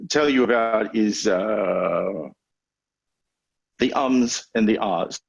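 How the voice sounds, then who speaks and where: A man coaching lawyers on public speaking in a webinar over a video call, teaching in a measured, conversational way with deliberate pauses. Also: on the low side, husky, low-quality recording. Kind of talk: webinar lecture. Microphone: video call microphone.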